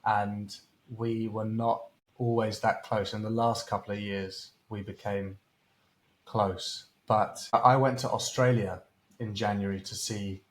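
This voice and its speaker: A man hosting a podcast who speaks in a gentle, sympathetic way and hesitates now and then. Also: fairly low pitch, little pitch movement, slow, poor audio. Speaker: podcast host. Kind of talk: casual interview chat.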